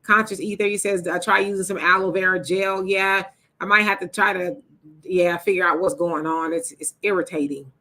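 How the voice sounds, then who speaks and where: A woman's voice: fairly low pitch, steady tone, normal speed, sharp tone. A woman hosting a live stream, reading viewer comments aloud and answering them in a chatty, casual way. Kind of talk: casual livestream chat.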